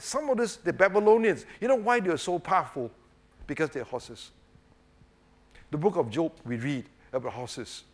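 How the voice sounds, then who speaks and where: A man's voice: a little high, creaky. Emphatic man preaching. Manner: emphatic, rhetorical, keeps asking "right?" and saying "obviously". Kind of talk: sermon.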